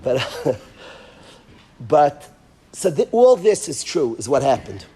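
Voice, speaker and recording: A man, a rabbi giving a parenting lecture, telling a vivid story that swings from hushed to emphatic. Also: mid-range voice, big pitch swings, slow pace, background noise.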